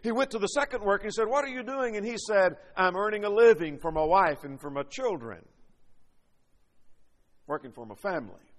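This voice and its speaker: A man's voice: sits high, expressive, fairly quick, in a large hall. A man preaching a sermon, reading scripture and building points with rising and falling emphasis.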